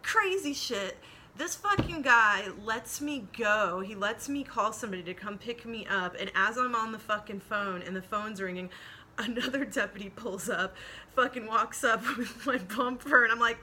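Bright-voiced woman telling a wild story. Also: on the high side, moderate pace, slight background noise. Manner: profane, rambling, laughs through story. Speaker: podcast host. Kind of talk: casual storytelling.

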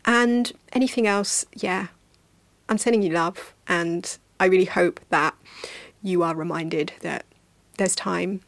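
A woman's voice: on the low side, fairly even intonation, slow, creaky, dry recording. A woman around forty, a podcast host and yoga teacher, signing off in a casual, rambling and affectionate way with lots of fillers.

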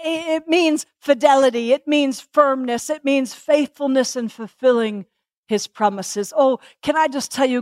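High-pitched woman preacher, fired up, keeps asking the crowd stuff, dry close sound. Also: darkish tone, no echo. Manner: passionate, repeats phrases, asks the congregation questions. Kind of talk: sermon.

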